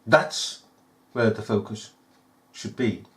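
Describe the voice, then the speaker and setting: A man's voice: fairly low pitch, animated, slow. A man giving scornful, emphatic commentary over news footage, full of rhetorical questions. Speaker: video commentator.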